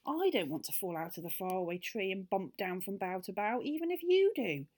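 A woman voicing a cautious, excitable young girl in a children's story. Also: medium pitch, moderate pace, husky. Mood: eager, fretful.

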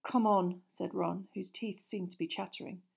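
Woman narrating an audiobook, hushed. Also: fairly low pitch, flat delivery, moderate pace, creaky, husky. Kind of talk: scripted narration.

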